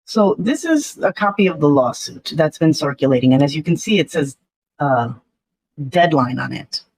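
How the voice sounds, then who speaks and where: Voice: mid-range voice, expressive, normal speed, no echo, low-quality recording. A vlogger giving casual commentary, chatty and skeptical, with frequent ums and uhs.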